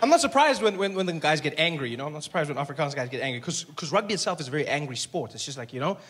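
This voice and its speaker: A man's voice: on the high side, sing-song, racing. A male stand-up comedian, riffing chattily with the crowd. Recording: stage recording with background noise.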